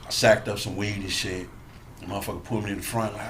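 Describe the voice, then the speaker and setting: A man's voice: lowish voice, little pitch movement, fast, fairly bright tone, a little hiss or hum. A middle-aged man telling a story in casual street slang, acting out the other people's voices as he goes. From Compton, California. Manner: laid-back street slang, acts out voices in his stories. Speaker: guest storyteller.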